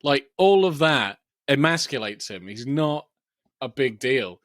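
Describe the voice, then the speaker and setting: A man's voice: medium pitch, unhurried, no room sound, clean studio sound. A man co-hosting a podcast, talking casually about movie scenes and acting out lines with laughter. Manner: animated, quotes film lines with laughter. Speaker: podcast co-host. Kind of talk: casual film discussion.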